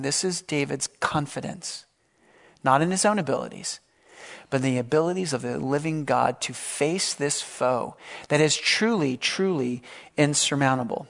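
A pastor preaching a sermon, reading scripture and explaining it in a relaxed, conversational way with asides. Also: male voice, fairly high pitch, normal speed, vocal fry.

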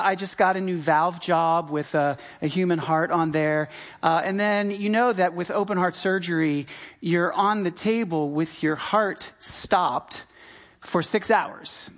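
A middle-aged pastor from the United States giving a sermon in a conversational, emphatic way, repeating key phrases. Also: mid-range voice. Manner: conversational, with frequent fillers and restarts.

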